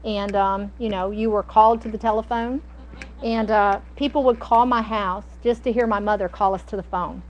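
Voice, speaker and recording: A woman's voice: mid-range voice, fairly even intonation, normal speed, dull audio. A middle-aged woman, chatting and telling stories while teaching a cooking class. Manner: chatty, storytelling, folksy. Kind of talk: casual cooking demonstration.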